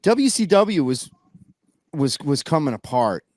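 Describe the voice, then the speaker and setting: A man's voice: on the high side, very animated, unhurried, a little mellow, no echo, clean studio sound. A man telling a backstage story in casual podcast chat, rambling with many restarts and fillers. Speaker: guest musician.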